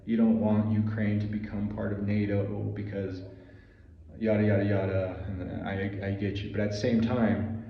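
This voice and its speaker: A man's voice: fairly low pitch, flat delivery, moderate pace, gravelly. A man ranting heatedly in a solo vlog, swearing often and stumbling over repeated restarts. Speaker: vlogger. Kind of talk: solo opinion rant to camera. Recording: echoey room, far from mic, dull lo-fi.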